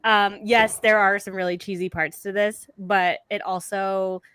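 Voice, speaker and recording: A woman's voice: medium pitch, flat delivery, unhurried, a bit bright, smooth, no echo. A woman talking casually on a video call, gushing and rambling with lots of "like". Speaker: panelist. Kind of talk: casual group chat on a live video call.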